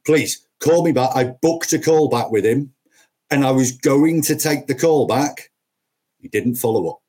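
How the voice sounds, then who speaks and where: A husky man speaking as a podcast guest. He tells his sales stories with emphatic punch, hammering points home through repetition. His voice sits at a plain middle pitch for a man. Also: animated, unhurried, dark tone. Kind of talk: conversational storytelling.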